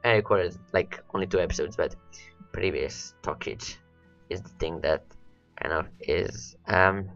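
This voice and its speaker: A man's voice: low-pitched, a little slow, fairly bright tone, highs cut off, faint music behind. A man rambling through gameplay commentary, his voice worn and cracking from hours of talking, repeating words as he talks to his units. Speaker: let's play host.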